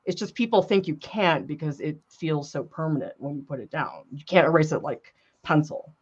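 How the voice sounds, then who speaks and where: A woman's voice: sits low, moderate pace, husky, lo-fi sound. A woman art instructor chatting casually and laughing often while she paints with ink.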